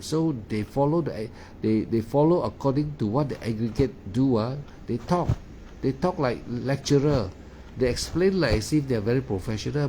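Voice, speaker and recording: A man's voice: mid-range voice, warm tone, a little hiss or hum. A man teaching meditation in a Dharma talk, in broken English with many "ah" fillers and repeated words. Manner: non-native English grammar.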